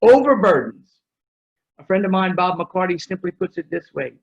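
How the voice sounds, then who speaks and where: Middle-aged guy doing a ministry workshop talk, fired up and jokey, kinda high voice, muffled lo-fi audio. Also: moderate pace, creaky. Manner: energetic, joking storyteller. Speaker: ministry speaker. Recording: dull lo-fi recording.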